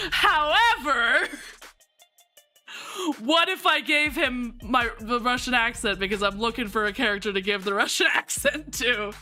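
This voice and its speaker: Giggly woman streamer reading a game out loud, high and bright, faint music behind. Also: moderate pace, few pauses. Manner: giggly, excitable, talks to chat. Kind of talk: casual game stream with read-aloud narration.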